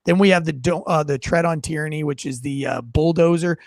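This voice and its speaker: A man's voice: on the high side, brisk, no room sound, clean studio sound. A man hosting a casual political podcast, ranting and swearing in a mocking way. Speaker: podcast host.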